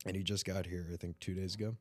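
A man co-hosting a podcast, chatting casually, swearing and breaking into loud impressions when retelling videos. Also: low voice, flat delivery, fast, husky, dry recording. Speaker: podcast co-host. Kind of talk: casual chat.

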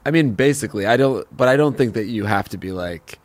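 A man co-hosting a comedy podcast, rambling through advice with deadpan jokes. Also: lowish voice, a little fast, few pauses, dry recording. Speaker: podcast co-host. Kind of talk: casual comedic chat.

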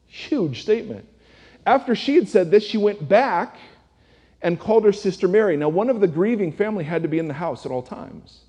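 A man with a high yet mellow, warm voice preaches in a relaxed, conversational way. He teaches casually and keeps putting rhetorical questions to the congregation. His voice carries a long reverb from a large church hall. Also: fairly quick, breathy edge, dull audio. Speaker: pastor. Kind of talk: conversational sermon.

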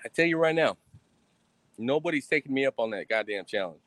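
A man's voice: medium pitch, animated, a little fast, a bit bright, dry recording. A young man, ranting on a livestream in a boastful, profane, swaggering way. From Texas. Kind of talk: casual rambling livestream rant. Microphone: streaming mic.

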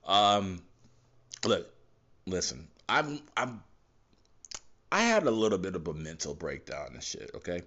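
A man's voice: deep voice, very animated, a little slow, long pauses, fairly bright tone. A man hosting a podcast in a casual, rambling monologue, swearing freely and correcting himself as he goes. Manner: profane, meandering, lots of fillers and self-corrections. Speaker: podcast host. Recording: dull lo-fi recording.

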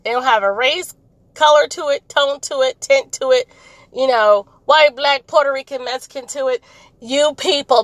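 A woman's voice: high voice, normal speed, a bit bright, dry recording, poor audio. A woman hosting her own podcast, venting bluntly and repeating herself for emphasis while recording from a car. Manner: blunt, repetitive, emphatic, rambling. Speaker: podcast host. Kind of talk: candid venting monologue. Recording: road noise from a car.

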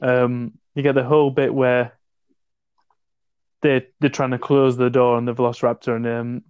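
Man, casual film chat, animated, emphatic, muffled lo-fi sound. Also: medium pitch, moderate pace, clean tone, no echo. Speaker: podcast co-host. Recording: dull lo-fi dry sound.

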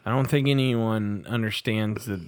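A man's voice: on the low side, steady tone, normal speed, smooth, no room sound, studio quality. A man co-hosting a casual sports podcast, blunt and opinionated, steering the conversation back on track. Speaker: podcast co-host.

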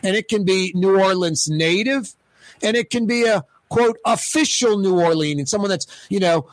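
Rambling, animated male radio host. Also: high voice, normal speed, no room sound. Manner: rambling, animated, repeats himself with stammered restarts. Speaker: radio talk show host. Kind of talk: casual radio talk with giveaways. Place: radio studio.

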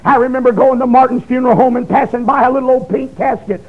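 A man preaching his testimony, emotional, swinging from shouts down to hushed low tones. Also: fairly even intonation, quick pace. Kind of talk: fiery testimony sermon. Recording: dull lo-fi recording.

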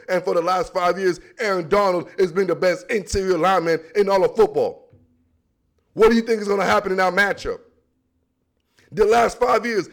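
A man from the Washington, D.C. area hosting a sports podcast, talking football in a loose, slangy, animated way and repeating himself often. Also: sits high. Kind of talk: casual sports talk.

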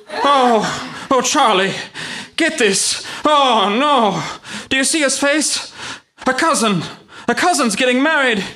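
A man's voice: sits high, pushed and bright. An actor playing an overwrought old-time male radio reporter, gasping out breathless exclamations. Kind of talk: 1930s radio reporter parody.

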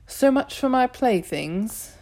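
A woman's voice: mid-range voice, animated, darkish tone. A woman reading an audiobook, voicing a playful, confident feline goddess who purrs and teases. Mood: brisk amused. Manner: purring, amused, brisk. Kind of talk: audiobook character voice.

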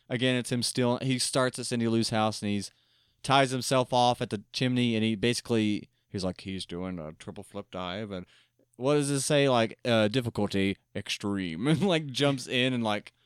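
A man chatting casually with friends, walking through a film's scenes with eager energy and quick bursts of quoting. His voice is smooth and resonant, sitting at an ordinary middle pitch. The sound is close and dry. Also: no echo. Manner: eager storyteller, quotes characters and laughs often. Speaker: co-host recapping a film. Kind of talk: casual chat.

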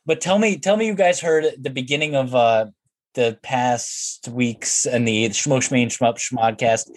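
A man's voice: medium pitch, measured pace, no echo. A young man co-hosting a casual golf podcast, laid-back and giggly, stumbling over his words. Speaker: podcast co-host.

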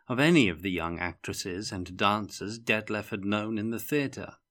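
A man reading a fantasy novel aloud in measured scripted narration. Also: on the low side, pushed and bright. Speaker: audiobook reader.

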